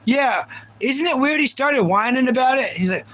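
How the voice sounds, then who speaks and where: High-voiced man chatting on a live stream. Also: expressive, normal speed, fairly bright tone, poor audio. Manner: rambling and chatty, with many fillers. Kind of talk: casual live-stream chat.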